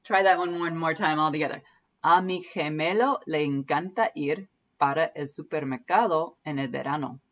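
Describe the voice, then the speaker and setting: Patient woman teaching Spanish pronunciation. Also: deep voice. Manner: patient, repeats words slowly to demonstrate. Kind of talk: language lesson.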